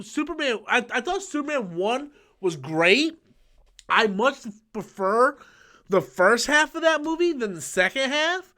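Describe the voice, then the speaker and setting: A high-pitched YouTube host chats on a live stream from a small room lit by studio lights. Excitable and profane, he hums movie sound effects as he talks.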